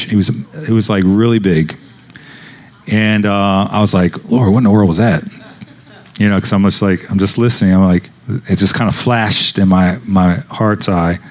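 A man's voice: lowish voice, a little mellow. A man preaching a sermon, telling a personal story in a loose, conversational way with many fillers and restarts. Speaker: pastor.

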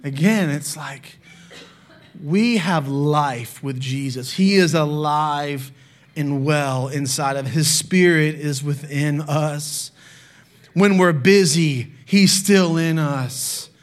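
Candid young preacher sharing family stories. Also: male voice, fairly high pitch, slow. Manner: candid, self-deprecating storytelling. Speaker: pastor. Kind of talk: sermon.

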